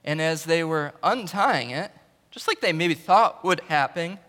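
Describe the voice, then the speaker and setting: A man preaching a sermon in a conversational way. He repeats words and swings between loud emphasis and quiet stretches. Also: on the high side, expressive, unhurried, long reverb tail. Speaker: pastor.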